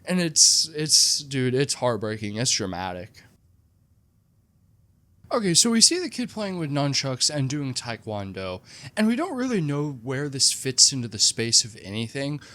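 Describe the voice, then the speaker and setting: A comedic movie reviewer tells a film's plot with sarcastic, animated storytelling and lots of "like" fillers. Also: mid-range voice, measured pace. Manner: frequent "like" fillers.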